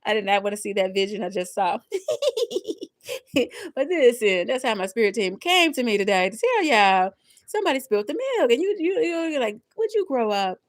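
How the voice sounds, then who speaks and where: A woman doing a live tarot reading, talking in slangy, animated bursts with lots of laughter. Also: a little high, normal speed, no room sound. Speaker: tarot reader.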